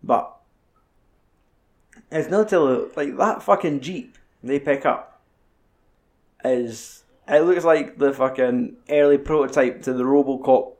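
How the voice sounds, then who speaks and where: Scottish man, mid-pitched voice, sweary, jokey, casual banter. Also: slow pace, pauses often, darkish tone. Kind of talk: casual chat.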